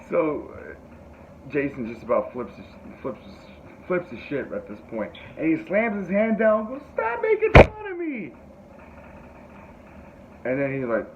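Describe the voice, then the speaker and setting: A man hosting a casual podcast, telling a rambling, animated story full of fillers and swearing, and jumping into high yelps when he quotes people. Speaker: podcast host. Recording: tinny phone-like sound with faint noise.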